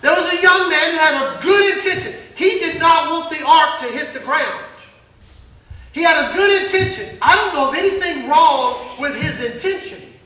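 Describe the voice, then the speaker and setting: High-voiced preacher in an echoey hall. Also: male voice, moderate pace. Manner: fiery preaching that swings between shouts and hushed asides. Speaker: pastor. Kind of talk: sermon. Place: church hall. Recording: very echoey hall, mic at a distance.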